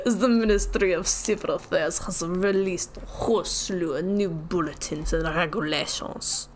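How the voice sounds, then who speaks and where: A woman's voice: on the low side, moderate pace, slight background noise, lightly acted. A tired, put-upon merchant in a broad fake Russian accent, voiced by a woman reading game dialogue aloud. He stays formal and polite, worn down by endless paperwork. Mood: weary. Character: weary male merchant buried in paperwork.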